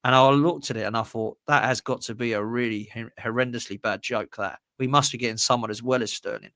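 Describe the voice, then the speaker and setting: A man's voice: mid-range voice, steady tone, brisk, a bit bright, no room sound, clean studio sound. A man in casual football chat, ranting bluntly and emphatically.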